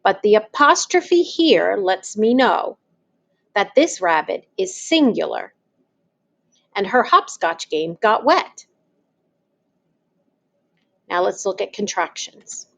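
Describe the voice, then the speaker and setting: A woman talks through a lesson at an unhurried, careful pace. She explains patiently, step by step, like a teacher with her class. Her voice sits at an ordinary middle pitch. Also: big pitch swings, creaky, a bit bright. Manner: patient, spells things out step by step. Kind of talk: slow, deliberate classroom explanation.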